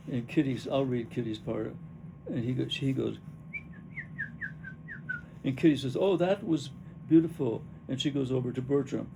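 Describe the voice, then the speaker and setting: Gravelly man reading stage directions. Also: medium pitch, background noise. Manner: halting, restarting, narrating directions. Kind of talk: rehearsal read-through.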